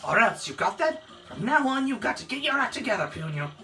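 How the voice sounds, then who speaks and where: A gameplay narrator voicing a stern old female village elder who scolds loudly, with game music behind. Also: medium pitch, sing-song, fast, recorded from a distance, pitched above the performer's own voice, rough recording. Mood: scolding. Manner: shouting, scolding.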